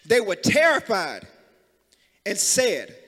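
High bright-voiced preaching man. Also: wildly swooping pitch, slow pace, long reverb tail. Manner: call-and-response preaching, rising to loud emphasis. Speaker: pastor. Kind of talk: sermon. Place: church sanctuary.

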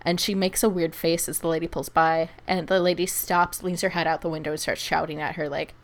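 Woman, casual storyteller, slightly low voice, animated, acts out quotes. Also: brisk, few pauses. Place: lives in Germany.

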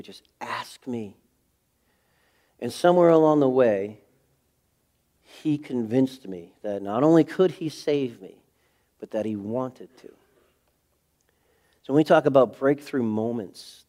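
A pastor giving a sermon, earnest and confessional, swinging from a hushed intimate tone to fervent preaching. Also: male voice, mid-range voice. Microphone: speaking to a camera.

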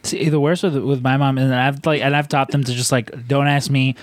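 A man's voice: mid-range voice, fairly even intonation, fairly quick, dry recording. Exasperated man venting about family. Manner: exasperated, swears often, rambling. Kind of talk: casual storytelling chat.

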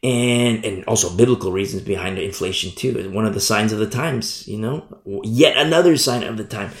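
Gravelly preacher man with swinging volume. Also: mid-range voice, normal speed, hardly any pauses, echoey room. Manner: preaching with sudden drops to a hush and rises to loud emphasis. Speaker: pastor. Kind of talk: sermon.

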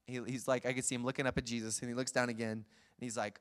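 Man, preacher, sermon, animated retelling, chuckles, mid-range voice. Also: medium pitch, very fast. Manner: lively storytelling, acts out scenes, chuckles often.

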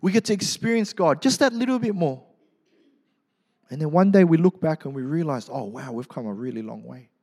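A man preaching a sermon, telling a story with lively, acted-out crowd voices and casual asides. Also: a little high, brisk. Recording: long hall reverb.

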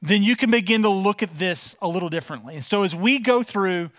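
A man's voice: high voice, expressive, brisk, fairly bright tone, no room sound. A man in his forties preaching a sermon to his church in a conversational, folksy way, with frequent filler sounds. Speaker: pastor.

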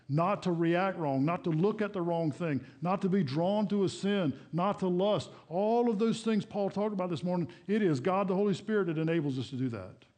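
A middle-aged pastor preaches to his church in a relaxed, chatty manner. His voice sits a little high for a man, and he keeps slipping into little acted-out prayers and voices. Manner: conversational, folksy preaching with acted-out prayers and quotes. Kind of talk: sermon. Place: church sanctuary.

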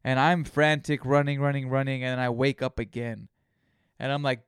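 A man talks through a solo podcast episode, drifting from story to story and swearing freely. His mid-pitched voice is smooth and resonant. The sound is dry and close to the mic. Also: fairly even intonation, normal speed, no echo. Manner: rambling storytelling, heavy swearing. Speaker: podcast host. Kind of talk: casual solo podcast monologue.

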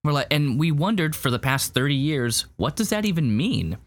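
A man's voice: on the high side, sing-song, normal speed. A man co-hosting a podcast, reviewing a show in casual chat, rambling with lots of fillers and restarts. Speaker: podcast co-host.

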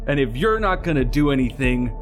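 A man's voice: medium pitch, sing-song, a little fast, faint music behind, lightly acted. A man playing a cocky shark know-it-all. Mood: bluster. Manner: self-assured, then flustered. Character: overconfident male shark expert, easily confused.

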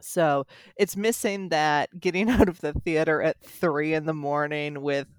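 Fast, animated American storyteller. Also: mid-range voice, clear, resonant tone, no echo, clean studio sound. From United States. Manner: quick, animated storytelling with many restarts. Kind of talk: casual chat.

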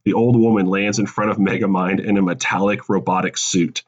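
Low-voiced man pitching a story. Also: level tone, fairly quick, highs cut off. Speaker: podcast co-host pitching a sequel. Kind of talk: casual comedic storytelling.

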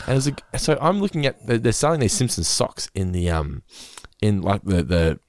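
An Australian man hosting a casual chat, an animated storyteller who acts out quotes and laughs often. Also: on the low side, moderate pace, no room sound. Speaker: podcast host.

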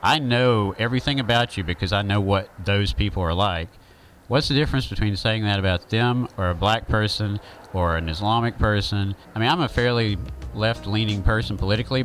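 A man's voice: lowish voice, brisk, fairly bright tone, faint music behind, low-quality recording. A man with a Southern accent, talking through an opinion monologue in a rambling, conversational way with many fillers.

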